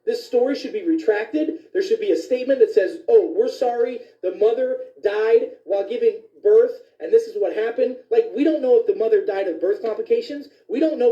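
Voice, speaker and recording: Fired-up ranting man, dark and distant. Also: sits high, brisk, hardly any pauses. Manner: indignant, profane, fired up. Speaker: physician. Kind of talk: ranting commentary video. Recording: distant, echoey, dull lo-fi sound.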